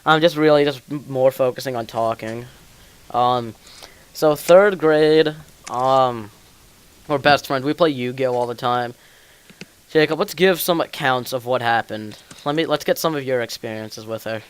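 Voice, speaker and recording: A teenage guy chats loosely on a gaming podcast, rambling with plenty of ums and likes. His pitch sits right in the middle of the range for a man. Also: a little slow, clean tone. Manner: rambling storyteller, many fillers. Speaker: podcast host. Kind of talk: casual chat while gaming.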